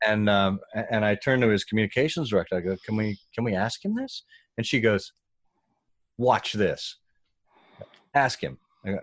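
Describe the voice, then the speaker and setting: A man with a fairly low voice tells a story in relaxed conversation, acting out the people he quotes with lively shifts in tone. The sound is dry and close, with no room around it. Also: normal speed, no echo. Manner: animated, acts out quoted voices. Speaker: guest. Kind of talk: casual storytelling.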